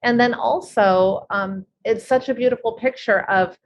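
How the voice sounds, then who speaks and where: A woman's voice: on the high side, moderate pace. A woman hosting an interview, responding to her guest with affirming remarks. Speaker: podcast host. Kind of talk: interview talk. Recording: dull lo-fi with faint noise.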